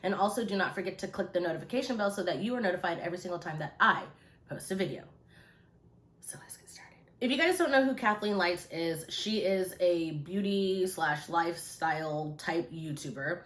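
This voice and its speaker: Relaxed woman chatting, echoey room. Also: on the low side, a little fast. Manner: relaxed, rambling, many fillers. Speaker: YouTube commentary host. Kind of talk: casual chit-chat commentary. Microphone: phone.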